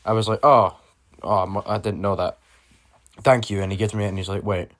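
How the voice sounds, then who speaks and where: A man's voice: on the low side, steady tone, fairly quick, fairly bright tone. A young man from Britain casually telling a personal story to his viewers, rambling with lots of swearing and fillers. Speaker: vlogger.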